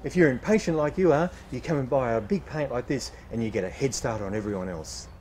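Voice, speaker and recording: A man's voice: mid-range voice, animated, quick pace, a little mellow, a little hiss or hum. A nurseryman patiently explaining tomato growing outdoors at his nursery, playing the straight man. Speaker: nurseryman host. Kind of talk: casual gardening demonstration.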